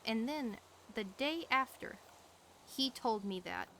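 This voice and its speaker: A woman's voice: a little high, lively intonation, slow pace, a bit bright, a little hiss or hum. A tired woman chatting in character during a roleplay stream, wry and blunt, swearing casually. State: tired late at night.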